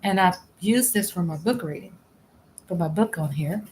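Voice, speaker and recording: A woman's voice: on the low side, expressive, moderate pace, a little mellow, slight background noise, rough recording. A woman hosting a casual live stream, chatting in a rambling way, laughing often and trailing off mid-sentence. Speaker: livestream host. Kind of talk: casual live chat while working.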